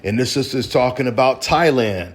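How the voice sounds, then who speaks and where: A man's voice: medium pitch, animated, normal speed. A man casually telling viewers a personal story in a chatty, conversational way. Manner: chatty, conversational, says "right?" often. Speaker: channel host.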